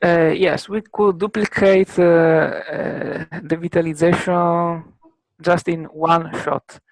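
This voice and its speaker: Halting Italian-accented man, slow and dry. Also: fairly high pitch, flat delivery, no echo, rough recording. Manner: halting, many filler pauses. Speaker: guest expert. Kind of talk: technical explanation.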